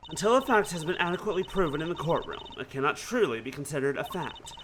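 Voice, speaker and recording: Brief: scheming older male prosecutor, condescending and mannered, dropped lower than the player's own voice. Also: expressive, fast talker, noisy background, natural voice. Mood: smug.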